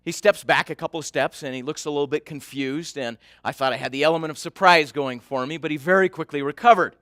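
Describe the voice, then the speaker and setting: Speaking fast, this keynote speaker has a ringing, bright voice set a touch higher than most men's. He keeps quizzing the audience as he animatedly recounts his story, and the sound is close and dry with no surrounding room.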